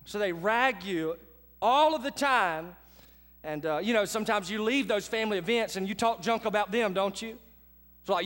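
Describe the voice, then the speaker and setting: A high-voiced man delivers a sermon from the pulpit. He keeps a casual, conversational tone but pushes his key lines with force. His voice rings out in a large hall with a long reverb tail. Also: moderate pace. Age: adult with children. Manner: conversational preacher, swings between quiet asides and loud emphatic lines. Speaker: pastor.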